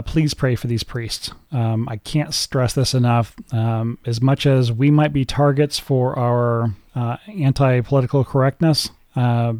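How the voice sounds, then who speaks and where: A man hosting a talk podcast, with a warm, mellow tone. He speaks in a measured way and drops deadpan jokes. The mic is close and dry. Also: medium pitch, no room sound. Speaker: podcast host. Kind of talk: casual chat.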